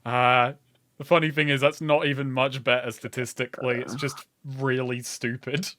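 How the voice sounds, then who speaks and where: A man playing a tabletop game, crude and animated, laughing as he describes his character's actions. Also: medium pitch, moderate pace, no echo, clean studio sound. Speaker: player.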